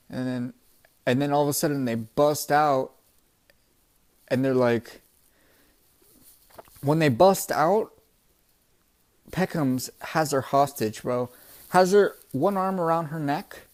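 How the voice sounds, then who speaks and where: A young man recapping a comic chapter in a casual, excitable, profane way, often calling his listeners "bro". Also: fairly high pitch. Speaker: manga chapter reviewer.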